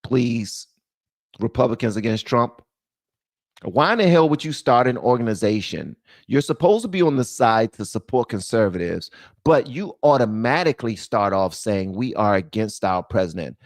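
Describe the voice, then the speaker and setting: A man's voice: mid-range voice, lively intonation, moderate pace, dry recording, studio quality. A man hosting his own commentary show, ranting bluntly and profanely and calling out his viewers. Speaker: host.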